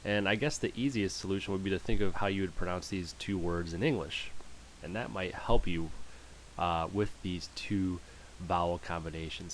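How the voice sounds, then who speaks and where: A man's voice: low voice, a little hiss or hum. A man teaching German pronunciation in a screen-share lesson, patiently repeating each word for practice.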